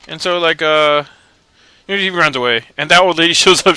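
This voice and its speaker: A man's voice: fairly high pitch, quick pace, sharp tone, smooth. A young man hosting a let's play, giving casual, rambling gameplay commentary in a joking, self-mocking way.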